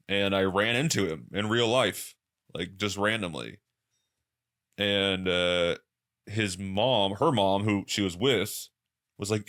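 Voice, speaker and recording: Male podcast host, low-ish bright voice, loose rambling solo commentary. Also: takes it slowly. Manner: loose, rambling, quotes people in exaggerated high voices.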